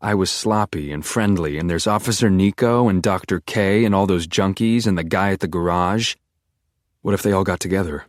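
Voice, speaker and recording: Deep-voiced man narrating an audiobook. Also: normal speed, no echo, clean studio sound. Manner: intense, obsessive inner monologue. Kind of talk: first-person audiobook narration.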